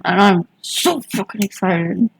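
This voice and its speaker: A woman's voice: medium pitch, unhurried, breathy edge. A young woman co-hosting a casual podcast, laid-back, swearing freely and laughing often. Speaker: podcast co-host.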